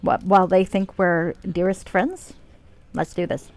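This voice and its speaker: A woman's voice: lowish voice, fairly even intonation, a little slow, a little mellow. A woman streaming a video game, chatting casually in a playful, joking way and swearing freely. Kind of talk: casual gameplay commentary.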